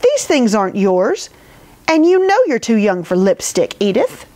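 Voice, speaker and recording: A woman's voice: a little high, sing-song, unhurried, a little mellow. A woman voicing a stern, strict grown-up male bear guardian in a storybook, speaking firmly. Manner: stern, firm.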